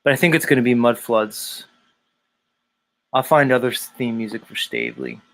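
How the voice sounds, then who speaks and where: A man's voice: medium pitch, wildly swooping pitch, moderate pace, gravelly, a bit bright. A man hosting a live stream show, talking casually in a rambling, profane way and chuckling often.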